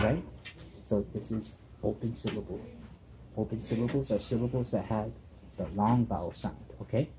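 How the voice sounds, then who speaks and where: Patient man teaching in a noisy classroom. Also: lowish voice. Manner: patient, checks in with "okay?" and "right?". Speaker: student teacher. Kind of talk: one-on-one reading lesson. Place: table at the back of a busy classroom. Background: classroom chatter.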